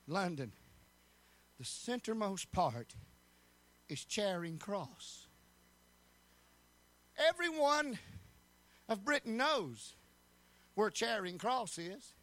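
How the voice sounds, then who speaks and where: Guy preaching a sermon, really high voice with a gravelly edge, goes from low storytelling to big rhythmic shouting. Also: no room sound.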